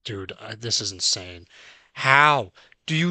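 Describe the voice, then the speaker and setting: A young man hosting a gaming channel, calmly recapping his trophy hunt, then ranting and swearing angrily at the game's controls. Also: fairly low pitch, takes it slowly, no echo, poor audio. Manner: swears heavily and rants when frustrated; calm, dry recap narration. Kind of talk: recapping gameplay with a raging clip.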